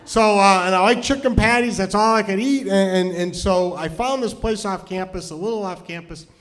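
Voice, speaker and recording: A man's voice: sits high, moderate pace, fairly bright tone. A middle-aged man from New Hampshire telling a rambling, self-deprecating comedy story on stage, full of restarts. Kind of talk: stand-up storytelling.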